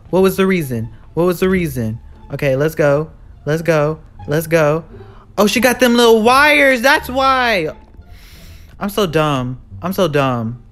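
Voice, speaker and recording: A live horror-game commentator, jumpy and full of sass, shrieks when frightened and keeps repeating exclamations while answering back to the villain. The voice is medium-pitched and a bit bright.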